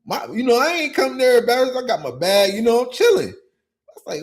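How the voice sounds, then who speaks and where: Brief: man, slightly high voice, podcast host ranting casually, animated and frustrated. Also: a little fast. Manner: animated, venting, repeats "you know what I'm saying". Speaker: podcast host and youth coach. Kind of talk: casual monologue.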